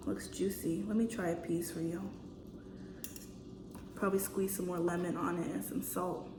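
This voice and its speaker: A woman's voice: fairly low pitch, moderate pace. A young woman chatting casually while she cooks at home, ranting with exasperation and laughing now and then. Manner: animated, exasperated rants with laughs. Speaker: vlogger. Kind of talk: casual chat while cooking. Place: home kitchen. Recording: echoey room with faint noise.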